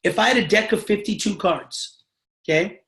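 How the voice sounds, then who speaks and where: A sales trainer coaching a team over a live video call, pressing each point hard and checking in again and again. The voice sits in a middle pitch. The audio rings with room echo. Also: moderate pace, gravelly, fairly bright tone. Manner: emphatic, repeatedly checks in with the audience.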